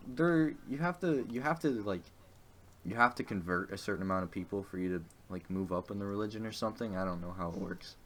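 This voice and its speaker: A man's voice: fairly low pitch, fast. A young man co-hosting a casual podcast chat. He rambles, hesitates and swears often. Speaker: podcast co-host.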